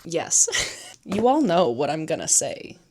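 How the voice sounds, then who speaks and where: A woman's voice: low voice, big pitch swings, slow, a little mellow, slight background noise. A young woman hosting a book vlog, chatting casually to camera, gushing about her reading and laughing often. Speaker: book vlogger.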